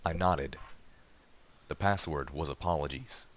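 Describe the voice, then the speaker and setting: A man reading a fan story aloud in a steady, even narration. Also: rumbling low, a little slow, dry recording. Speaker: reader.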